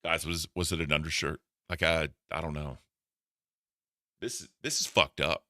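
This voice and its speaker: A man's voice: rumbling low, fairly even intonation, normal speed, sharp tone, no room sound, studio quality. A man reacting to clips for his stream chat in casual, profane commentary. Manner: profane, laughing, talks to chat.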